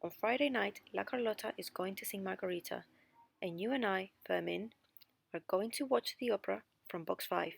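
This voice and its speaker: Woman voicing an angry young opera director, shouting. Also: medium pitch, moderate pace, creaky, husky. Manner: shouting, indignant.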